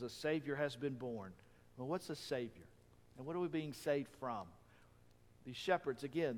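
A man preaching a sermon as a pastor, telling Bible stories with emphatic rises and hushed drops. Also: on the high side, big-room sound.

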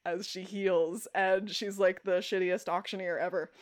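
Animated woman podcast co-host. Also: fairly low pitch, measured pace. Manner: animated, swears, acts out quotes. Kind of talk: casual chat recapping a TV episode.

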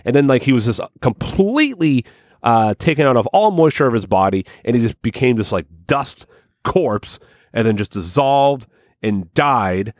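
A man's voice: medium pitch, normal speed, no echo, clean studio sound. A man co-hosting a podcast, telling a crude, rambling comic story with heavy swearing. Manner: profane, rambling, animated. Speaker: podcast co-host.

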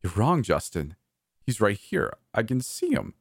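A man's voice: on the low side, wildly swooping pitch, vocal fry, breathy edge, dry recording, clean studio sound, pitched above the performer's own voice, full character voice. A man doing a terrified stammering man. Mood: panicky. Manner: stammering, halting, panicky.

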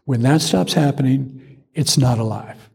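Zen teacher guy, dharma talk, gravelly and really husky voice, long echo in a hall. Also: mid-range voice, mellow. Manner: measured storytelling with pauses.

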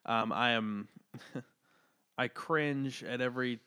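Male podcast co-host, mid pitch, relaxed and chuckly, thinking aloud with fillers. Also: slow pace, clear, resonant tone. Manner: relaxed, laughs often, hesitant fillers. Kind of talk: casual review chat.

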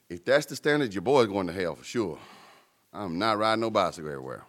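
Man, pastor preaching, lowish voice, chatty with emphatic peaks. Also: expressive, fast talker. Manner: conversational preaching with playful asides, rising to emphatic peaks. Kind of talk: sermon.

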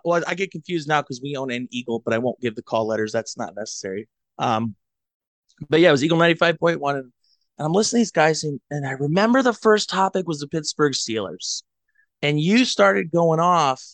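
Guy from cleveland rambling thru a funny story, kinda high voice, dry close headset sound. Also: dry recording. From Cleveland, USA. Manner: rambling, self-mocking, animated storytelling. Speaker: podcast co-host. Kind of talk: casual storytelling chat. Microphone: boom mic headset.

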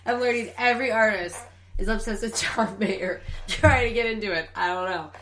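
A woman's voice: mid-range voice, normal speed, fairly bright tone, slight background noise. A woman telling a story in a casual podcast chat, laughing often. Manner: giggly, storytelling with quoted voices. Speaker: podcast guest.

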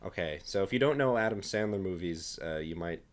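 A man's voice: sits low, expressive, fairly quick. A young man co-hosting a podcast, joking and rambling in casual chat. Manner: loose and joking, rambling asides. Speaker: podcast co-host.

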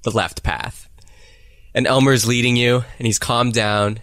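A man's voice: mid-range voice, fairly even intonation, unhurried, fairly bright tone, no echo, clean studio sound. A man running a tabletop game as game master, narrating loosely with restarts.

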